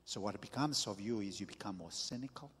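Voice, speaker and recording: A man preaching a sermon as pastor, slow and deliberate with emphatic bursts. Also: on the low side, fairly bright tone, husky, long reverb tail.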